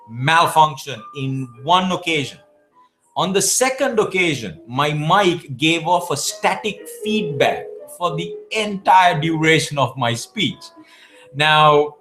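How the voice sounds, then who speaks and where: Slightly bright and on the high side, this South Asian man's voice carries his answers to viewer questions in a live Q&A. As a public speaking champion, he gives forceful coaching advice and keeps restarting his words.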